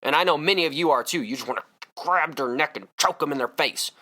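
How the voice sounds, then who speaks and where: A man's voice: a little high, quick pace, sharp tone. A man hosting a solo sports podcast, ranting in a fired-up, emphatic way. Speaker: podcast host.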